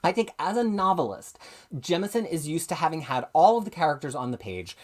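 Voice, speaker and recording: A woman with a very low voice hosts a live comics review show. Her pitch moves a lot as she chats, and she talks with eager enthusiasm, stopping to correct herself mid-sentence. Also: big pitch swings, fairly quick, darkish tone. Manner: chatty, enthusiastic, self-correcting. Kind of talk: live-streamed casual review.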